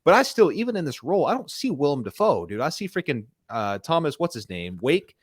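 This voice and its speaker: A man's voice: a little high, sing-song, brisk, husky, no room sound, studio quality. A man co-hosting a casual movie review chat, enthusiastic and loose, peppering his talk with "freaking" and "man.". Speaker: podcast co-host.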